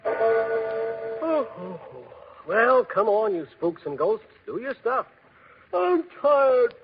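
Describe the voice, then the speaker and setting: A fearless wisecracking young hero. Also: male voice, very high-pitched, big pitch swings, slow, slightly rough, full character voice. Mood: joking. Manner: breezy, wisecracking, slangy. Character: fearless cocky young man who can't be scared. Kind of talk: 1940s radio acting. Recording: dull hissy old radio recording.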